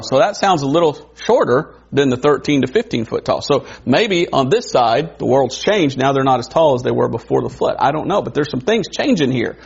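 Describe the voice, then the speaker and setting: A man preaching a sermon in a conversational way, wondering aloud and adding quick asides. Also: medium pitch, vocal fry, slightly rough. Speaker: pastor. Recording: dull lo-fi recording.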